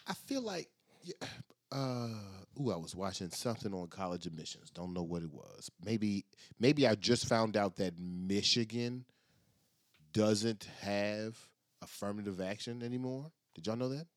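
Lively low-voiced man on a podcast. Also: measured pace, no room sound, clean studio sound. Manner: animated, laughs often, self-mocking. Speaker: podcast co-host. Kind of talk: casual chat.

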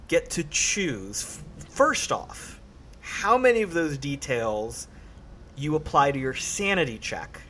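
A man's voice: mid-range voice, a bit bright, slight background noise. A man running a tabletop horror game as game master, upbeat and patiently explaining the rules.

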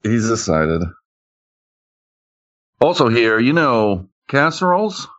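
A man's voice: medium pitch, big pitch swings, slow pace, a bit bright. A man hosting a casual podcast, playfully introducing his co-hosts. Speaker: podcast host. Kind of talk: casual chat. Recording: dull lo-fi audio.

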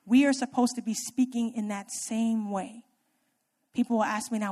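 Woman preacher with a high voice, chatty sermon full of questions to the pews, loud bursts then hushed stretches. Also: steady tone, moderate pace. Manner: conversational, often asks the congregation questions; swings between loud emphatic lines and soft low ones.

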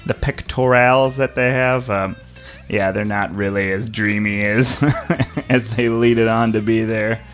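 A man's voice: lowish voice, steady tone, unhurried, faint music behind. Laid-back laughing podcast guy. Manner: laid-back, laughs often, rambling storytelling. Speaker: podcast host. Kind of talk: casual banter.

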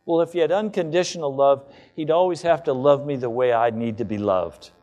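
A man's voice: medium pitch, a little fast, dark tone, highs cut off, soft background music. A male pastor delivering a sermon to his congregation, building to fervent declarations. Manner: impassioned preaching, rising to fervent declarations.

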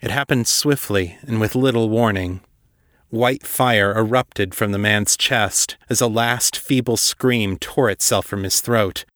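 Low-voiced man narrating a dark fantasy tale. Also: a little slow, no room sound, studio quality. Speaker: podcast host and narrator.

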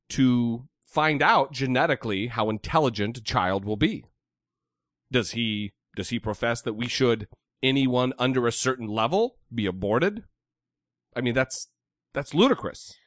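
Blunt, lively-voiced male podcast host. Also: mid-range voice, no echo, clean studio sound. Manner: blunt, swears freely, heated rhetorical questions. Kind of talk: casual opinionated chat.

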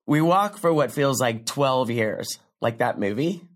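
Speaking a little slowly, a young comedian with a wry, sardonic edge wanders through a profane stand-up anecdote in a scripted drama. She's brash and pokes fun at herself, her pitch climbing high and then dropping into a deadpan aside.

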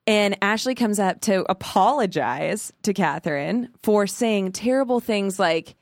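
A woman co-hosting a podcast, chatting in an animated, gossipy way and ranting about a reality show. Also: medium pitch, measured pace, no echo, clean studio sound. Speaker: podcast co-host. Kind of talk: casual chat.

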